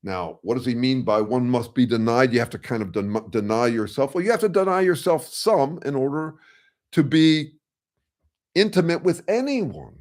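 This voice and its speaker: A man's voice: mid-range voice, lively intonation, moderate pace, a little mellow. An older man hosting a casual discussion, talking frankly and rambling, with restarts and some swearing. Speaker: host. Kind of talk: casual discussion on a video call.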